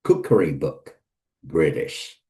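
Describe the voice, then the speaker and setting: A man's voice: extremely low pitch, expressive, takes it slowly, mellow. A man giving a casual vocabulary lesson, hesitant with many fillers as he lists word pairs one by one. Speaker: English teacher.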